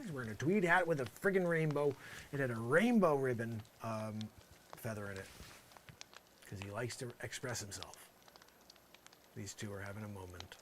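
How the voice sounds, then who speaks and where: A man doing an improvised comic monologue, rambling and sarcastic, swinging between loud outbursts and muttered asides. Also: mid-range voice, expressive, moderate pace, a little hiss or hum. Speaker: comedian.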